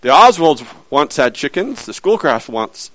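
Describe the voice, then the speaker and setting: A man delivering a sermon with a lively, swooping delivery and a slightly higher voice. He swings from loud, pressing lines down to hushed near-whispers. The sound is dull and lo-fi, recorded dry and close. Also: measured pace, dry recording. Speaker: preacher.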